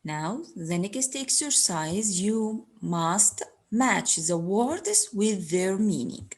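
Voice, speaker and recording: A woman teaching an English lesson, slowly repeating words and giving their meanings. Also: medium pitch, lively intonation, breathy edge. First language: Arabic. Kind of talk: recorded classroom lesson.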